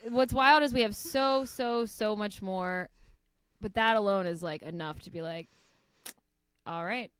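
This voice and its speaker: A woman's voice: mid-range voice, measured pace, clean tone, no echo. A woman co-hosting a podcast, musing aloud in loose casual chat with many fillers. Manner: loose, filler-heavy, speculative talk. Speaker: podcast co-host.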